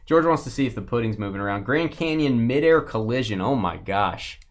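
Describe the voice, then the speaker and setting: A man hosting a live sports card break, joking playfully and getting excited over the cards. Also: mid-range voice, brisk, a little hiss or hum. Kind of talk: casual live stream chat.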